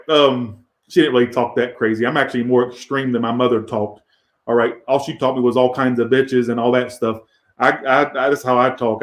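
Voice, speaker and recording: A man's voice: mid-range voice, roomy sound. A man doing a casual tarot reading in a crude, profane, rambling way. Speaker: tarot reader.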